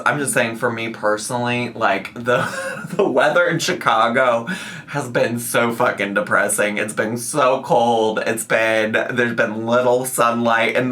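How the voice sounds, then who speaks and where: A young man reacting to a video in casual, rambling commentary. His voice is bright and forceful, and he swears freely and laughs often. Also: medium pitch.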